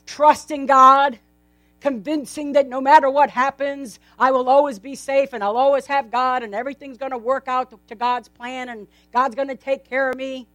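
A woman's voice: high voice, fairly even intonation, normal speed, no room sound. A woman preaching a sermon in a casual, conversational way, often asking her congregation rhetorical questions. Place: in front of a gathered congregation.

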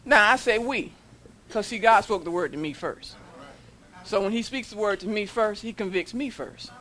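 A woman preaching a sermon in a church, leading the congregation in call-and-response and building to shouts. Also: medium pitch, moderate pace. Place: church sanctuary.

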